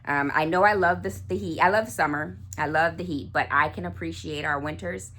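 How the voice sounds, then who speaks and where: A woman with a low-pitched voice chats to camera in a relaxed vlog. She gushes warmly about small things and wanders through fillers and false starts. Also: normal speed. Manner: chatty, gushing, many fillers and restarts. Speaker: doll collector vlogger. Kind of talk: casual chat.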